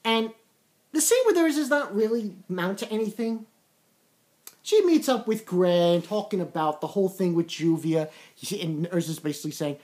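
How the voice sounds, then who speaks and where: A woman giving a casual, excitable comic chapter review, repeating words and retelling scenes in quoted voices. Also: fairly low pitch, normal speed, long pauses.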